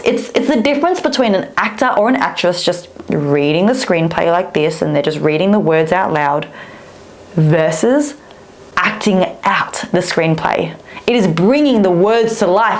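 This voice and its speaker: Lively woman speaking coach. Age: 30s. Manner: demonstrative, swoops pitch high and low to illustrate. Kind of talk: scripted teaching to camera.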